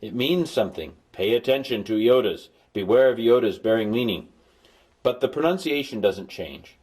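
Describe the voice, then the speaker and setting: A man's voice: mid-range voice, animated, moderate pace, a little mellow, breathy edge. A man recording a language lesson as a tutor, explaining patiently and dropping playful, jokey asides to his students. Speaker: Greek tutor.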